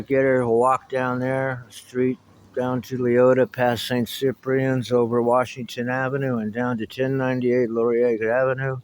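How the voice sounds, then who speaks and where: A man's voice: mid-range voice, low-quality recording. A middle-aged man talking casually to the camera in a meandering, reminiscing way, with wry asides. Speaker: vlogger. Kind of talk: casual rambling monologue to camera.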